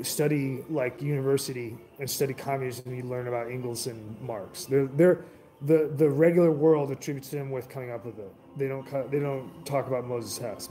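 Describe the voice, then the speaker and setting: A man's voice: medium pitch, warm tone. A man giving a casual, rambling history talk, loose and profane, full of filler words and restarts.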